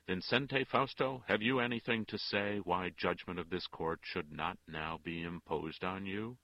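A man voicing a formal older male court crier who speaks slowly and demands an answer. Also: low voice, no room sound, highs cut off.

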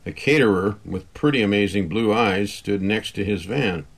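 A man with a low voice reads a first-person story aloud, wry and conversational. He keeps it easy, like he's telling it to a friend. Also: moderate pace. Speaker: audiobook narrator. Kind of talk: first-person scripted narration.

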